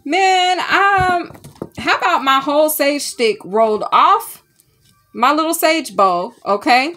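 Woman, spiritual medium, animated vlog talk, slightly high voice. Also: slow, soft background music. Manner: animated, chatty, keeps checking in with "okay?" and "y'all". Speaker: spiritual medium and tarot reader. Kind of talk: casual spiritual vlog chat. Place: home room with sage smoke.

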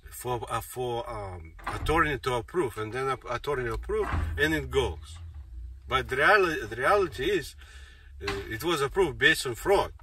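This man's monologue is insistent and meandering, full of repetition as he keeps circling back to the same ideas. His voice is medium in pitch with a bright, forceful tone, heard through a distant mic with faint noise.

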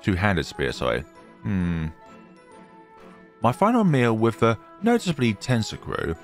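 A man's voice: lowish voice, a little slow, soft background music. A man hosting a let's play, reading a horror visual novel aloud and breaking off for joking asides. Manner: lively, jumping between reading and joking asides. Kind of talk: dramatic story reading with asides.

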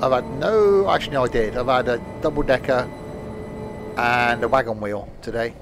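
A man's voice: medium pitch, normal speed, music in the background. A man casually chatting while live-streaming a train game, rambling and joking to himself and his chat at a home desk mic.

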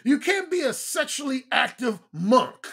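A man in his fifties, a dating coach talking bluntly on a livestream, repeating his points and swinging between a high throaty tone and a deep resonant one. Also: sing-song, measured pace, gravelly, a bit bright, slightly rough. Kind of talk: livestream talk.

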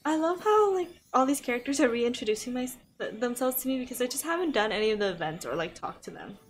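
A woman's voice: on the high side, big pitch swings, fast talker, faint music behind. A young woman with an American accent chatting casually on a live game stream, thinking aloud with frequent gasps and laughs, into a desk microphone. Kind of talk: casual live-stream chat while gaming.

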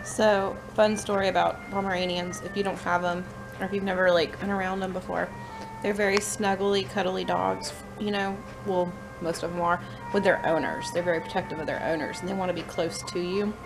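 A woman's voice: on the low side, little pitch movement, fairly quick, gravelly, music in the background, rough recording. A mother vlogging casually, coaxing her baby in a playful sing-song voice. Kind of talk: casual vlog chat and baby talk.

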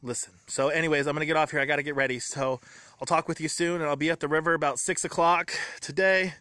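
A man vlogging from home, talking in an earnest, rambling, grateful way, excited and a little shaky. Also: fairly high pitch, fast, no room sound. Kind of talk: emotional personal vlog.

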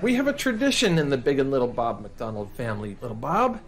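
A man's voice: medium pitch, very animated, fast. A man hosting a scripted comedy sketch about model cars, talking in a theatrical, preachy big-brother manner. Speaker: host.

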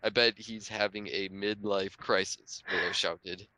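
A man's voice: on the low side, fairly even intonation, measured pace, bright, forceful tone, dry recording, low-quality recording. A young man reading a fan story aloud in a dry, matter-of-fact way with small quips. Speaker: reader in a group reading.

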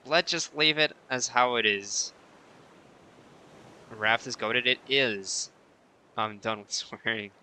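A man's voice: medium pitch, slow pace, pauses often, bright, forceful tone, clear, resonant tone. A man chatting casually on a live stream while he plays, reading viewer messages aloud and answering them playfully.

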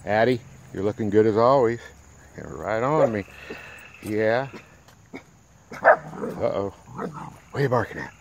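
A man's voice: lowish voice, expressive, measured pace, vocal fry, pauses often, lo-fi sound, noisy background. A man, a dog breeder chatting playfully and doting on his puppies outdoors. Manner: doting, playful baby talk to dogs. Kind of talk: casual outdoor vlog talking to puppies. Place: outdoors in a rural yard.

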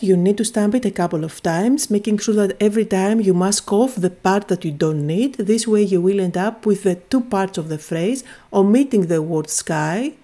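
Woman with a mellow, warm voice. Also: medium pitch. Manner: calm step-by-step explaining. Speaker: card-making video host. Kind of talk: craft tutorial voice-over.

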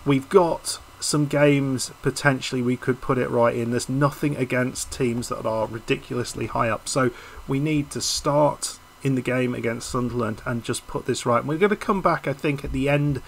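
A man's voice: mid-range voice, moderate pace, vocal fry, a little hiss or hum, poor audio. A man commentating casually over a football management video game, frustrated and hesitant, often restarting his sentences. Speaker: YouTube gaming host.

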